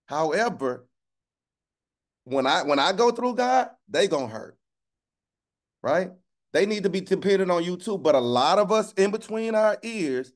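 A man preaching with a voice that sits a little high. He talks plainly and colloquially, checks in with "right?" over and over, and slows right down to drive a phrase home. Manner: call-and-response, keeps asking "right?"; colloquial, drawls phrases slowly for emphasis. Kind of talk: sermon.

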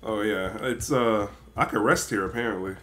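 A man's voice: lowish voice, normal speed, sharp tone, slight background noise. A man casually commenting on his own gameplay, reacting with swearing and laughs. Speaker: gameplay streamer.

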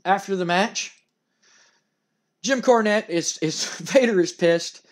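A man's voice: sits high, takes it slowly. A young man narrating a game in a loose, rambling way. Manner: loose, rambling, recapping with fillers. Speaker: gaming narrator. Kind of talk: casual let's-play narration.

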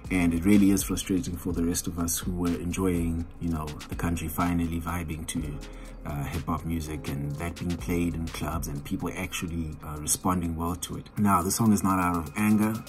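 A South African independent hip hop artist rambles candidly in a casual vlog shot on his cell phone at home, poking fun at himself as music plays in the background. His voice sits low, with a level tone and a moderate pace.

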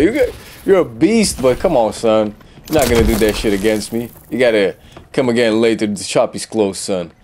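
A young man commentating his own gameplay, trash-talking opponents, swearing and bursting into excited yelps. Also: medium pitch, slight background noise.

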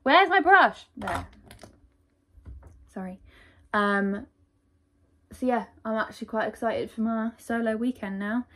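Chatty woman with a gravelly edge. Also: a little high, steady tone, takes it slowly, pauses often. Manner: rambling, chatty, self-deprecating. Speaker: vlogger. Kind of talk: casual diary vlog.

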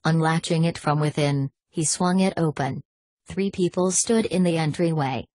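A woman reads an audiobook in a measured, steady way. Her voice is low and husky, and the recording is dry and close with no room sound. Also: no echo. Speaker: audiobook narrator. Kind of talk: audiobook narration.

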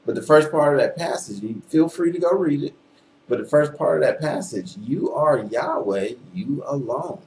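A man's voice: a little high, lively intonation, fairly quick, gravelly, a little mellow, slight background noise, low-quality recording. A man talking straight to his viewers, building an emphatic argument about scripture with rhetorical questions and a frequent "okay?". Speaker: video channel host. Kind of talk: argumentative religious monologue to camera.

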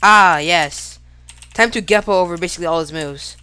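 A woman giving live gameplay commentary, excitable and casual, talking to herself and shouting at big plays. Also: on the low side, normal speed, clear, resonant tone. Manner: casual slang, talks to self while fighting. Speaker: gaming YouTuber.

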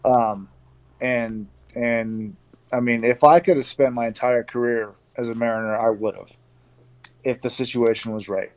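Man, from Canada, casual interview guest, relaxed storytelling, video call audio. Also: mid-range voice, unhurried. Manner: relaxed and chatty, with many fillers and restarts. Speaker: interview guest, former pro baseball player.

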